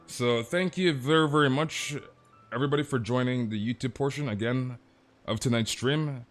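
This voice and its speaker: Male streamer, casual rambling chat, mid pitch, faint music behind. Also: moderate pace, a bit bright. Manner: rambling, repetitive, trails off low. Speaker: game streamer.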